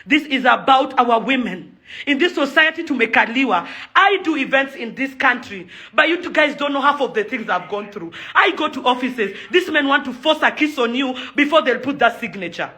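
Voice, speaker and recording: This high, bright, pushed voice belongs to a young adult woman from Kenya who works as a socialite and event organizer. Her intonation is lively and her pace moderate as she rants furiously on video, driving home the same points repeatedly.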